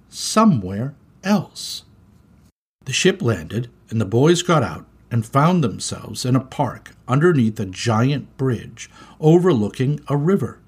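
A man reading a children's story aloud in an expressive, animated way. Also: mid-range voice, husky.

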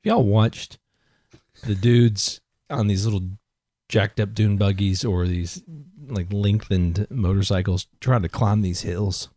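A man co-hosting a podcast, talking in a folksy, enthusiastic way with drawn-out fillers in casual chat. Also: fairly low pitch, fairly even intonation, mellow, dry recording, clean studio sound. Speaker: podcast co-host.

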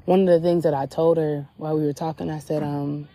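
Brisk and warm, a woman with a low voice and little pitch movement hosts her podcast from a beach, with no echo on the recording. She reflects on spirituality in a candid, chatty way, filling her sentences with "like."

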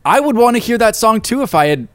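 A man's voice: very high-pitched, very animated, quick pace, fairly bright tone, no echo. A young man co-hosting a casual podcast chat, musing earnestly and rambling a bit. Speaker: podcast co-host.

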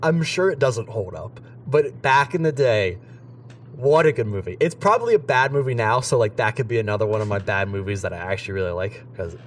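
A man's voice: on the low side, lively intonation, brisk, distant mic, a little hiss or hum. A young man co-hosting a casual podcast chat, rambling and filling his talk with "like". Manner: rambling, heavy use of "like". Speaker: podcast co-host.

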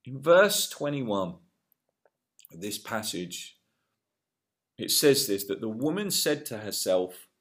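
A man preaching a sermon with an earnest delivery, rising to loud emphasis and dropping to hushed lines. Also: mid-range voice, very animated, slow, pauses often.

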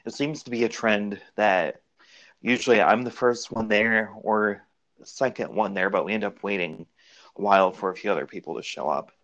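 Man, podcast host, low voice, gravelly, casual rambling chat. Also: normal speed, dull audio. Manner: relaxed, rambling, recalls memories aloud.

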